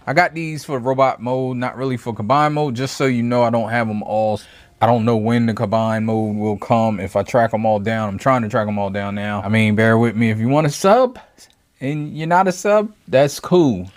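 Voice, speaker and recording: A man giving a casual toy review from his home review table, rambling and thinking aloud with frequent self-corrections. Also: on the low side.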